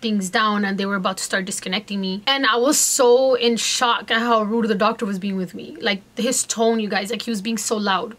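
A young adult woman vlogger telling a story in a chatty, animated way, talking straight to her viewers. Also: a little high. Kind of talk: casual storytime.

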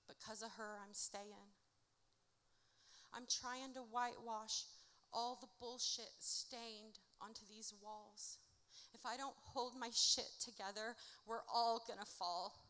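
Woman, live spoken-word rap, theatre stage mic, blunt profane rhymes, higher voice, sharp tone. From Indiana, United States. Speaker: performing artist.

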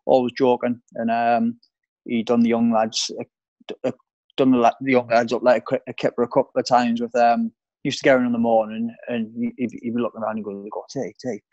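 A man in his middle register recalls a former teammate in an interview. He tells stories in a relaxed way, with frequent ums and repeated words. The recording is dry and slightly dull, with a lo-fi quality. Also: medium pitch, fairly quick, dry recording. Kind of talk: reminiscing interview.

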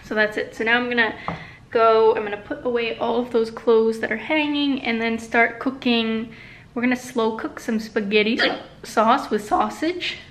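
Woman vlogging in her kitchen, chatty and giggly, slightly high voice, cooking noise behind. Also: steady tone, moderate pace, fairly bright tone, poor audio. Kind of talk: casual home vlog. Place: home kitchen. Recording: home video with audible kitchen noise.

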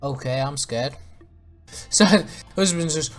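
A man's voice: mid-range voice, lively intonation, takes it slowly, a bit bright, soft background music. A man commentating a video game as he plays, swearing often, laughing and yelping in panic. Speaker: gaming YouTuber. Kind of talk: let's play commentary.

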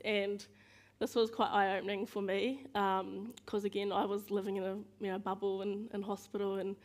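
A woman giving a casual, storytelling talk as a guest speaker. She tells self-mocking stories, laughs often and acts out other people's lines in quick voices. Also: medium pitch.

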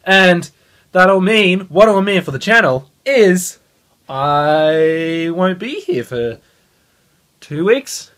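A young man vlogging into a phone held at arm's length, excited and swearing a lot. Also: high voice, takes it slowly. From Australia. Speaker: gaming channel host. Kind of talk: casual vlog.

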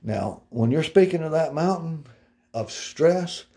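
A middle-aged male pastor delivers a sermon in a warm, mellow voice that sits a little high. He talks to the congregation earnestly and casually, full of restarts and personal asides. He slows right down to read scripture passages aloud. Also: lively intonation.

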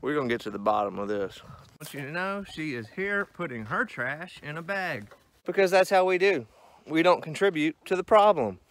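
A man's voice: fairly high pitch, lively intonation, normal speed, a bit bright. A man, ranting profanely about roadside litter in a casual satirical vlog, walking outdoors along a country road. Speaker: vlogger.

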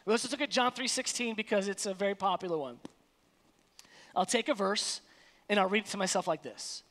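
A woman's voice: medium pitch, fairly quick, fairly bright tone, long reverb tail. A woman pastor giving a sermon in an emphatic, colloquial preaching manner, recorded in a church sanctuary.

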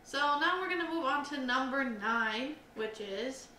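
A woman's voice: high voice, expressive, a little slow, sharp tone. A young woman co-hosting a casual podcast, rambling through stories with lots of fillers. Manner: rambling, filler-heavy storytelling. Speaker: podcast co-host. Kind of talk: casual chat. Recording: roomy, slightly distant mic.

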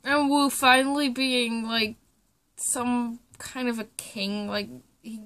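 Tearful young woman, slow and halting. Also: on the high side, fairly even intonation, fairly bright tone. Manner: halting, trailing off, swearing. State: tearful, choked up. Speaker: vlogger. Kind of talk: emotional reaction vlog.

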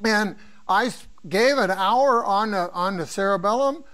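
A man's voice: high voice, measured pace, sharp tone. An older man from the Midwest giving an informal exam review lecture as a neuroanatomy professor, rambling through anecdotes and posing questions to students. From American Midwest.

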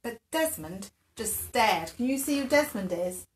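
A woman hosting a live-streamed bedtime story for small children, reading gently and with animation. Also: fairly high pitch, lively intonation, a little slow, a little hiss or hum. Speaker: children's dance class host. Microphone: phone or webcam for a live stream.

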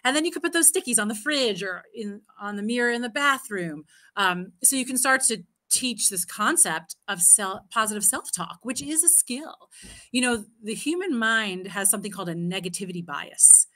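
A woman's voice: a little high, animated, moderate pace, sharp tone. A woman with a nine-year-old daughter answers a parent's question in a live Q&A, earnest and full of "you know" fillers. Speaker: parenting speaker.

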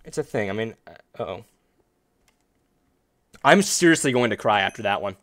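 A man's voice: lowish voice, expressive, normal speed, no room sound, clean studio sound. Upbeat man giving casual gameplay commentary. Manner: upbeat, chatty, jumps to loud outbursts and playful groans. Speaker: gaming video host.

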